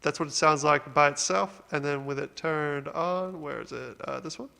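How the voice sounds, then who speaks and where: Upbeat bright-voiced man explaining music. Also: on the high side, normal speed, gravelly, clear, resonant tone, big-room sound. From Australia. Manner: upbeat, rambling with fillers. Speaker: music producer, channel host. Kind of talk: casual video walkthrough.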